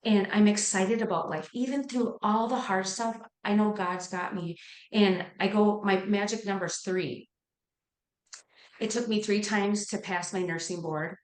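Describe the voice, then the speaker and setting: A woman's voice: mid-range voice, fairly even intonation, a little slow. A middle-aged woman, a nurse, telling her personal story in an interview with earnest, heartfelt feeling. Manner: earnest, heartfelt, gets emotional. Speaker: nurse and life coach, podcast guest. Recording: echoey room.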